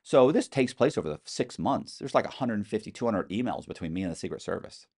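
A middle-aged man telling animated stories as a podcast guest, acting out quoted voices with some swearing. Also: on the low side, a little fast. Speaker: interview guest. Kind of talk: storytelling in a podcast interview.

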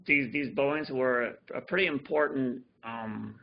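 A man with a mid-range, gravelly voice speaks a little slowly as he teaches a fiddle lesson over a livestream, explaining loosely with lots of fillers and restarts. He's on a computer mic during a video call, so the audio is dull and lo-fi, with slight background noise. A fiddle plays in the background.

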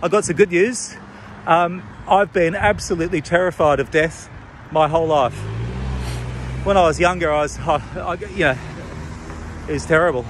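Indignant high-voiced Australian man. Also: fairly bright tone, a little hiss or hum. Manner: indignant, halting with many restarts. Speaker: vlogger. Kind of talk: impassioned talking-to-camera vlog. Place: outdoors on a city street.

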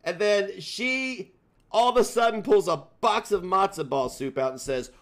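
A man's voice: high-pitched, moderate pace, a bit bright. A man hosting a casual livestream, ranting and mocking others with a sarcastic, insulting manner. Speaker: streamer host.

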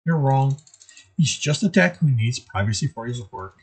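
A man voicing a short-tempered human male mercenary who answers in clipped, defensive lines, with a husky voice. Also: medium pitch, expressive, normal speed.

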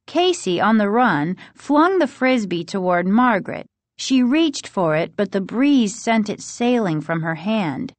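A woman reads a children's spooky storybook aloud with expressive delivery. She takes an unhurried, slow pace. The recording is dry and close. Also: mid-range voice, no echo. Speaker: audiobook narrator. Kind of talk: storybook reading.

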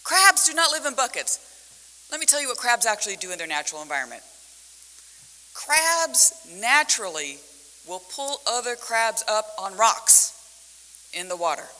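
Woman panelist, conference talk, bright voice, lively storyteller. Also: medium pitch. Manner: animated storytelling with vivid metaphors. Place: conference hall. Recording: echoey conference hall.

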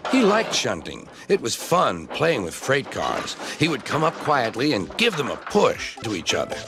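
A man narrating a children's story aloud with lively, animated storytelling. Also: medium pitch, normal speed, over music.

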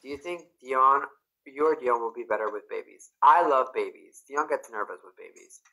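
A man's voice: mid-range voice, normal speed, sharp tone, low-quality recording. A young man from Canada hosting a casual livestream, reading viewers' comments aloud and chatting with them in a bubbly, effusive way. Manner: bubbly and effusive, bursts into squeals. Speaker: livestream host.

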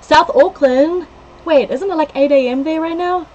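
A woman, chatting excitedly with her viewers on a live stream and reading the chat out loud. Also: sits high, a little fast, muffled recording, a little hiss or hum.

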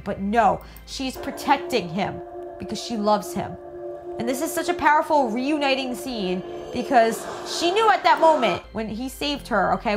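A woman hosting a reaction video, casual and excitable, gushing and swearing lightly. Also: high voice.

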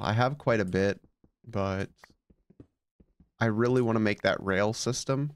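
A man's voice: fairly low pitch, clean tone. A man commenting casually on his game as a let's play host, sleepy and just woken up, musing aloud with plenty of fillers.

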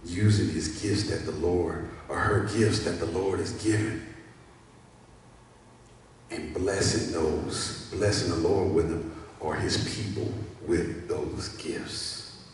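A man's voice: sits low, fairly even intonation, slow pace, a little hiss or hum. A man preaching a sermon to his church, repeating key phrases and calling for responses from the congregation. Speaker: pastor. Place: church sanctuary. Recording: echoey church hall, mic at a distance.

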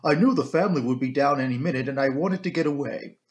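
A man's voice: mid-range voice, fast talker, lightly acted. A man playing a stern, curt housekeeper woman. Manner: curt, composed. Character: stern composed female housekeeper.

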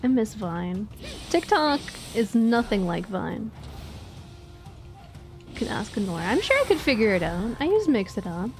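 A woman's voice: mid-range voice, very animated, measured pace, long pauses, faint music behind. A woman from Atlantic Canada chatting casually with her live-stream viewers, swearing and laughing often. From Maritimes, Atlantic Canada.

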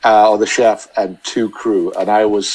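A man chatting as a podcast guest, telling long, halting anecdotes full of restarts. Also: lowish voice, little pitch movement, darkish tone, slightly rough, rough recording. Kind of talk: casual storytelling chat.

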